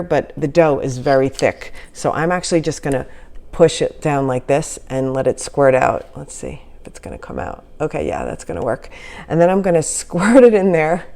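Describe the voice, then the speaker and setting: A woman's voice: low-pitched, warm tone, rough recording. A woman chatting casually while demonstrating a recipe in her home kitchen, giggling and laughing at herself often. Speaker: home cooking vlogger.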